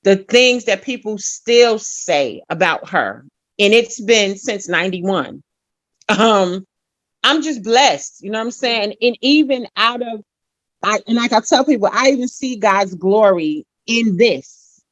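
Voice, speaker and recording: A woman's voice: medium pitch, lively intonation, unhurried, a bit bright, dry recording. A middle-aged woman giving an earnest personal testimony as an interview guest, retelling conversations with frequent asides.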